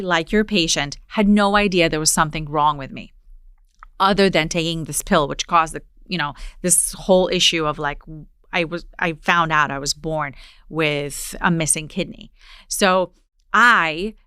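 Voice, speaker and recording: Woman, 40s, from Poland, podcast host, storytelling, lower voice, dry close sound. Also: smooth, no echo. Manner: storytelling, animated retelling. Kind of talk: casual conversation.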